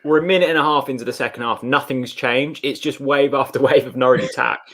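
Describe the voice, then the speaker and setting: A man co-hosting a live football watchalong, talking in a chatty, excitable way. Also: mid-range voice, quick pace. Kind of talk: casual live match chat.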